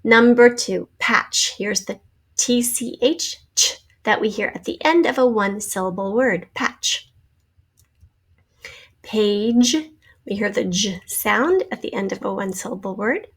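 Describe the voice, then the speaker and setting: A woman teacher giving a spelling lesson to young pupils, patiently sounding out letters and syllables for a class video. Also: mid-range voice.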